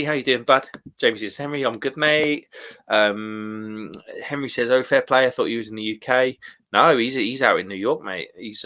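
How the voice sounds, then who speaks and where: A man's voice: fairly low pitch, pushed and bright. A man hosting a casual beer live stream, chatting, reading out viewer comments and calling people mate. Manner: chatty, laughs often, calls people mate.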